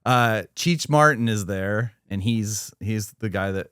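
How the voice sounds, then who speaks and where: Smooth-voiced man gushing about a film. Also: fairly low pitch, a little slow, fairly bright tone, no echo, clean studio sound. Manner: enthusiastic, rambling, many fillers and restarts. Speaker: podcast co-host. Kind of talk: casual movie review chat.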